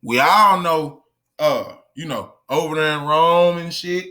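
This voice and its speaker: Brash high-voiced man ranting to camera. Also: unhurried, bright, forceful tone. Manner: emphatic, repetitive, confrontational, addresses viewers directly. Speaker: online lecturer. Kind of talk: profane, heated monologue to camera.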